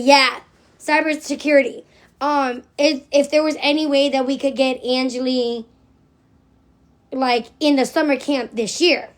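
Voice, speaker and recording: A middle-aged woman ranting in a livestream monologue, blunt and profane, repeating phrases for emphasis. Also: sits high.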